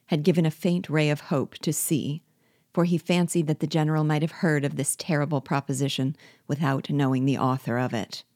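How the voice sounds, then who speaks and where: A woman reading a classic novel aloud in a measured, steady way. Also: deep voice, dry recording, clean studio sound. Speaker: book reader and guide.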